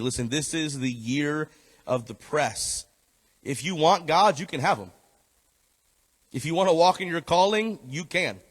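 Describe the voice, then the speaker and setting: A man preaching in a fairly high voice, hammering home his points with repeated phrases and at times easing into a low, gentle appeal. His voice rings through a long reverb, as if filling a large hall. He switches between reading scripture and speaking straight to the congregation. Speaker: pastor. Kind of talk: sermon. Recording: echoey hall.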